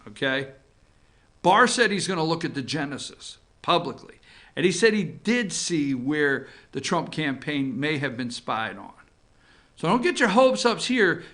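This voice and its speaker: A man hosting an opinion show, giving casual political commentary in an animated, sarcastic way that swings from loud outbursts to low muttering.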